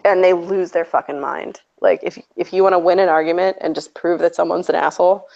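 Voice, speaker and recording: A woman hosts a stream, chatting casually with a sarcastic edge and laughing often. Her voice sits fairly low and has a gravelly, fry-heavy texture. The recording sounds dull and lo-fi. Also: fairly even intonation, fairly quick, a little mellow. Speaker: stream host. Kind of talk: casual chat. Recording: dull lo-fi audio.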